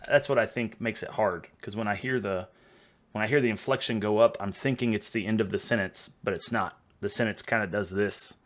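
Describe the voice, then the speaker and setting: A man's voice: on the low side, brisk. A man with a Texan accent, casually reacting to video clips, chatty and often laughing. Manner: chatty, laughing, stumbling over words.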